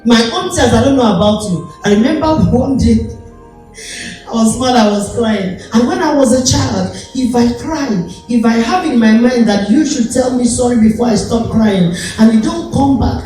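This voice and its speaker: A woman's voice: expressive, moderate pace. Nigerian woman preacher in an echoey hall. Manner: storytelling preacher, acts out quotes with sudden high shouts. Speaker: apostle. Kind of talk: sermon. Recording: echoey hall, voice from far off, music behind.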